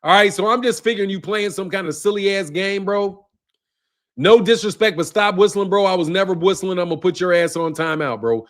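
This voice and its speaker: High-voiced man ranting on a boxing livestream. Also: fast. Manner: profane, laughing, repeats "bro". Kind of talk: casual livestream rant.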